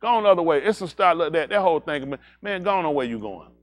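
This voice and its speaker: During a congregation's livestream, a man with a high, widely swinging voice races through a loose anecdote, laughing as he goes. He circles back, says "I said" over and over, then turns preachy, drawing a moral and warning young people directly.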